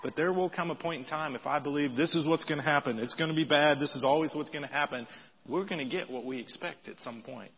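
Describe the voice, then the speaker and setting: A man preaching a sermon in a conversational style, reading scripture aloud with lively emphasis. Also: on the high side, fast talker, slightly rough. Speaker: pastor. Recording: dull audio with long hall reverb.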